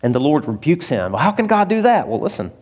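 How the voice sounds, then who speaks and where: A male pastor delivering a sermon in a fairly high voice. He shifts between forceful, emphatic lines and quiet, low passages. He sounds moved, almost to tears. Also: quick pace. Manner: expressive, swings between loud emphasis and hushed low delivery; emotional, close to tears.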